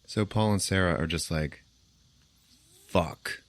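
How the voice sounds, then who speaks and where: This podcast host has a low-pitched voice and talks at a normal speed in a dry recording. He's casually retelling a movie's plot, performing the characters' dialogue and frequently breaking into laughter.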